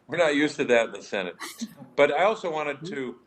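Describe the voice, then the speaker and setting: A man, a senator joining a hearing remotely, making measured formal remarks and questions with small restarts. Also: a little high, animated, rough recording. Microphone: joining remotely over the web.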